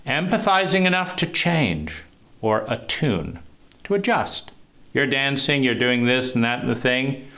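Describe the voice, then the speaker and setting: Male speaker, mid pitch, emphatic teacher's delivery, rhetorical questions, sweeping stress. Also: fairly bright tone. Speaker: trauma therapist teaching. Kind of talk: recorded talk on trauma and love.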